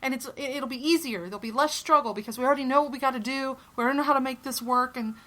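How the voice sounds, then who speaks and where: A woman co-hosting a podcast, speaking in a fairly high, very bright voice. She rants in a heated way, swears freely and states her opinions strongly. Her pitch swings upward whenever she stresses a point. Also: very fast. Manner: heated, profane, opinionated ranting. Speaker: podcast co-host. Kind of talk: casual podcast discussion.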